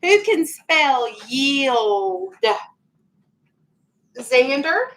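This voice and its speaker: A woman teaching phonics in a classroom, her voice high and bright. She talks slowly and patiently, drawing out each explanation so young students can follow. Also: sing-song, low-quality recording. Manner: patient, clear, drawn-out instructional speech.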